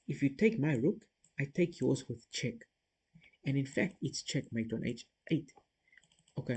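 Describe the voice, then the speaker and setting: Working through chess puzzles on stream, a man thinks out loud, criticizes himself, and talks casually to his viewers. He has a husky, darkish, mid-range voice at a moderate pace, captured in a low-quality recording.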